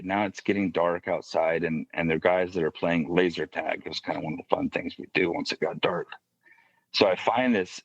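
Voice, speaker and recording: Male podcast guest, deep voice, dry and slightly dull sound, thoughtful and halting delivery. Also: dry recording. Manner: halting, reflective, with many restarts and soft asides. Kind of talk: personal faith story in casual podcast conversation.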